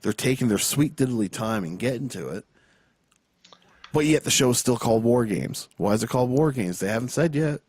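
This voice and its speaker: Animated man talking wrestling. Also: mid-range voice, normal speed, breathy edge, no room sound. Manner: animated, swearing, repetitive restarts. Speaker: podcast co-host. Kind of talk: casual wrestling chat.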